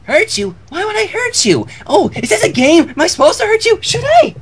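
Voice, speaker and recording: A man voicing a hyper, cheerful pink female pony who talks in bubbly, excited yells. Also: very high-pitched, brisk, voice pushed up, heavily acted.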